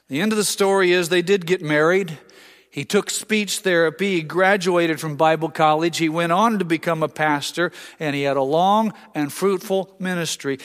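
Male pastor, slightly high voice, long reverb, earnest storyteller. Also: normal speed, a bit bright. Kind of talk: sermon.

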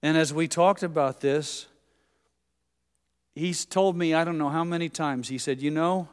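Preaching at a measured pace, a pastor uses a slightly high, clear, resonant voice with fairly even intonation. His sermon is folksy and anecdotal, with quoted voices acted out, and long hall reverb surrounds it.

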